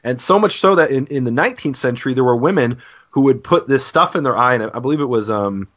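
A man's voice: medium pitch, lively intonation, quick pace, a bit bright. Guy explaining bible stuff earnestly, restarts a lot, muffled podcast sound. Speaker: Bible scholar co-host. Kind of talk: conversational teaching on scripture. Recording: dull lo-fi podcast audio.

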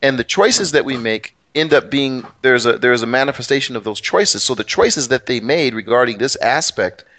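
A man's voice: medium pitch, lively intonation, moderate pace, hardly any pauses, fairly bright tone. Middle-aged male co-host, mid-range voice, rambling and emphatic in casual Bible talk. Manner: rambling, restarts often, emphatic. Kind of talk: casual Bible study chat.

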